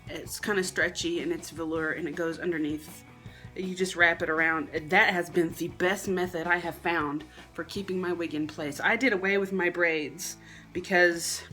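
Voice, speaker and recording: A young woman from South Carolina with a Southern accent, rambling chattily through a wig and makeup tutorial at home. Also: a bit bright. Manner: chatty, rambling, self-deprecating, drops into a low murmur at times. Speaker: wig and beauty vlogger. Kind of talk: casual tutorial chat.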